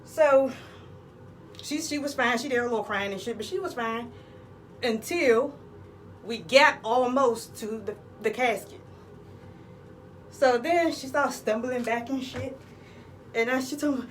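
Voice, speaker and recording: A woman's voice: fairly high pitch, measured pace, long pauses, recorded from a distance, a little hiss or hum, low-quality recording. A woman telling a crude, rambling comic story outdoors in the cold. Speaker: comedic vlogger. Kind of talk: profane comedic storytelling.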